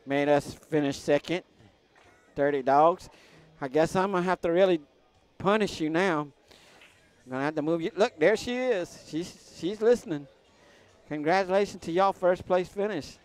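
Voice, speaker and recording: A man's voice: on the high side, normal speed, clean tone. Chatty man commentating pool. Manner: chatty, joking shout-outs to viewers. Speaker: live stream host commentating pool matches. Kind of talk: casual live commentary.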